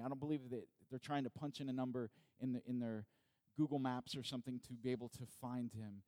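A man's voice: medium pitch, steady tone, fast talker, warm tone, no room sound. A male pastor preaching a sermon in a conversational way, asking his congregation many rhetorical questions.

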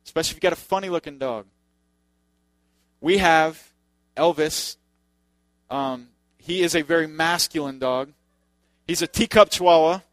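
A man's voice: a little high, a bit bright, no echo. A man preaching a sermon in a loose, conversational way, with joking asides to the congregation. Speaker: pastor.

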